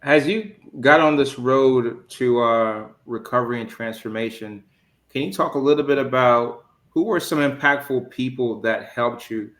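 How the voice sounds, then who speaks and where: A man hosting an interview, asking casual, unhurried questions. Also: medium pitch, a bit bright, reverberant. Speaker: host.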